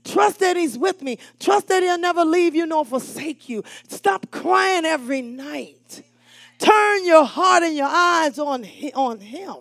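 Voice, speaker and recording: High-pitched woman preacher, dry close sound. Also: a little slow, gravelly, no echo. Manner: animated and call-and-response, swinging between shouts and hushed asides. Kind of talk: sermon.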